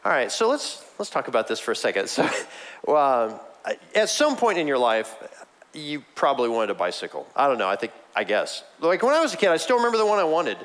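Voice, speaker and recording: Animated man preaching a sermon. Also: fairly quick. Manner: animated, swinging between high emphatic lines and low quiet ones; conversational, with asides and chuckles. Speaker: pastor.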